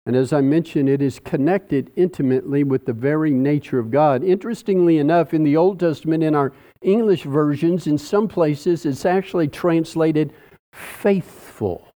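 A man preaching a sermon, teaching slowly and deliberately through a Bible passage with dramatic pauses. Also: on the high side, warm tone.

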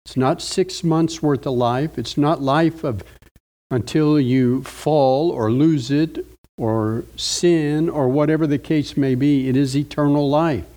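A middle-aged male preacher teaching through scripture at an unhurried, measured pace. His voice is mellow and warm, never sharp. He leans on key words to drive each point home. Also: medium pitch. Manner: slow, deliberate, stressing key words. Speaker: pastor. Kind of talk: sermon Bible study.

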